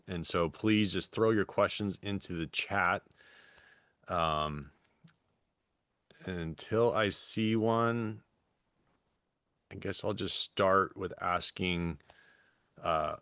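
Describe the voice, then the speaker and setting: A man who was a fire chief, hosting a webinar and asking questions in a measured, friendly way, thinking aloud with fillers. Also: deep voice, a bit bright, dry recording. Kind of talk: webinar moderating.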